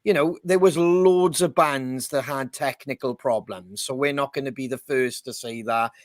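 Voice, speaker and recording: A man's voice: medium pitch, moderate pace, no room sound, studio quality. A man in a band, chatting casually on a podcast, rambling, swearing freely and laughing often. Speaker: band member co-hosting a podcast. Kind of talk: casual chat.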